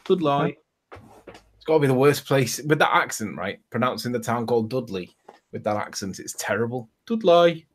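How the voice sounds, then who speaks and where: A man with a Scouse accent from Liverpool, chatting casually on an online video call, mocking and quick to laugh. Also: medium pitch. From Liverpool, England.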